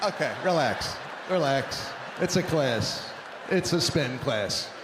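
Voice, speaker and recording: A man doing a stand-up comedy routine with animated, exasperated ranting. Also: on the high side, takes it slowly, crowd noise, background noise. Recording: live stage with long reverb, faint ambience.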